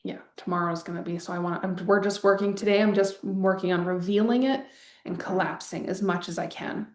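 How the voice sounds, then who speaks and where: This woman's voice sits fairly low, holding a steady tone at a fairly quick clip, and the room echoes around her. She's coaching a group through a live wealth masterclass online, rambling in a casual way with sighs and an occasional curse.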